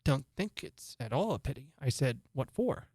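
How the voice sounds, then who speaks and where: Man doing a polite little girl voice, lighter and softer, dry close sound. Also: mid-range voice, big pitch swings, normal speed, no room sound. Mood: plucky. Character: polite, forthright young girl Alice.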